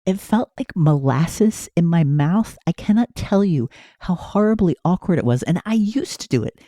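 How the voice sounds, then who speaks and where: A man's voice: a little high, animated, moderate pace, warm tone, no room sound, clean studio sound. A man in his forties from the United States, narrating earnestly and reflectively as the host. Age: 40s. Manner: earnest, musing.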